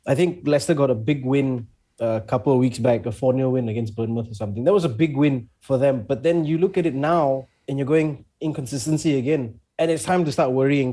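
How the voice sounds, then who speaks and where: Man, football pundit, mellow tone, frank and emphatic. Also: mid-range voice. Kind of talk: panel football discussion.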